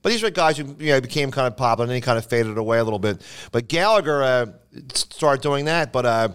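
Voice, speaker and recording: A man's voice: medium pitch, animated, fast, a bit bright, smooth. A man co-hosting a podcast in a studio, chatting casually and rambling with many restarts. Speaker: podcast co-host. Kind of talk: casual chat.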